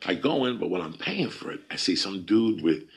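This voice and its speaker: A low, gravelly man with a husky edge tells a story on a podcast. He swears freely and gets loud and animated as the tale builds. His delivery is casual and rough. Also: brisk. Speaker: podcast host.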